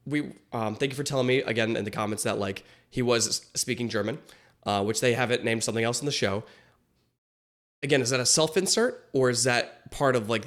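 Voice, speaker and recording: A man chatting through his reaction to an animated episode, swearing casually and wandering through question after question. His voice sits at an ordinary middle pitch. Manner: rambling, swears freely, asks many questions. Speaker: reaction video host.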